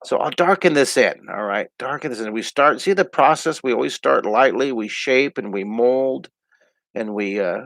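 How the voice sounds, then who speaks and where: A man's voice: mid-range voice, animated, moderate pace, vocal fry, fairly bright tone, dry recording. Upbeat middle-aged man teaching drawing. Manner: upbeat, chatty, talks through each pencil stroke. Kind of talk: live online drawing lesson. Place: at home.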